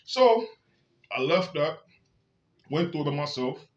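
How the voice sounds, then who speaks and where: A man's voice: fairly high pitch, expressive, a little slow, highs cut off. A man telling his own story in a candid, blunt and profane monologue, full of emphasis. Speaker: vlogger.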